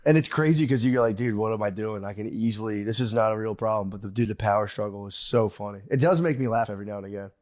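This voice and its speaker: A man's voice: on the low side, quick pace, few pauses. A man in his thirties co-hosting a podcast, chatting casually and acting out quoted voices with bursts of laughter. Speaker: podcast co-host. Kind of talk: casual comedic chat.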